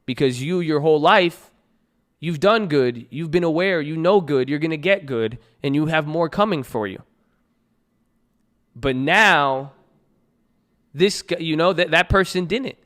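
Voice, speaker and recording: A man hosting a trading group reads a parable aloud, then riffs on it in a loose, slangy motivational talk full of loud jokes. His voice is on the high side, unhurried, with frequent pauses.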